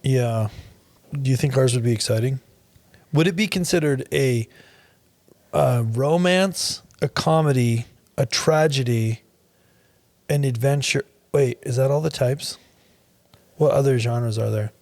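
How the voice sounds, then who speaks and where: A male podcast host chatting casually with his co-host. He keeps things upbeat and teasing, at an ordinary mid pitch. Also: measured pace, long pauses, darkish tone, no room sound. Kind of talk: casual banter.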